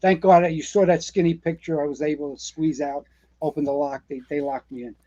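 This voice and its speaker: High-voiced older New man. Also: fairly quick, dull audio. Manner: animated storyteller, rambling with many fillers and restarts. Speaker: retired fire captain guest. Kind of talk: casual storytelling interview.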